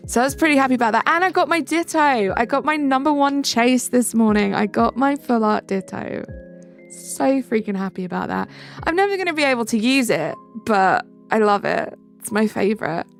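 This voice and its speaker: Young woman streamer from England, chatty, slightly high and gravelly, soft music underneath. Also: animated, normal speed. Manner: chatty, reacts aloud to viewer comments. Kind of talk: live stream chat, reading comments. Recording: faint music behind.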